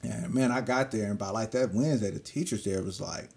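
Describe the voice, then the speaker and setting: Low gravelly man telling a street story. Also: fairly quick, few pauses. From California. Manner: animated, profane street slang, acts out quoted voices. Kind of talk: casual storytelling monologue.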